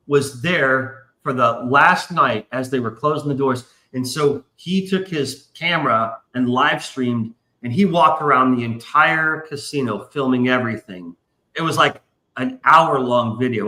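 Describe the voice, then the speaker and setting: Male host, bright and forceful, swears freely, roomy echo. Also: medium pitch, unhurried. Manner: profane, animated storyteller acting out quotes. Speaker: podcast host. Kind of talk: casual storytelling chat. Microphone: live stream.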